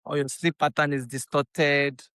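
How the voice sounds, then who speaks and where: A woman with a Nigerian accent talks as a podcast guest. Her voice is smooth and clean, with an animated, emphatic delivery that circles back on its own phrases. The recording is close and dry, with no room sound. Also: deep voice, unhurried, no room sound. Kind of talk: casual chat.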